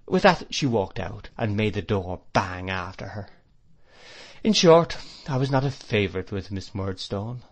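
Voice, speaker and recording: An adult man narrating a classic novel as an audiobook, measured and expressive. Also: fairly low pitch.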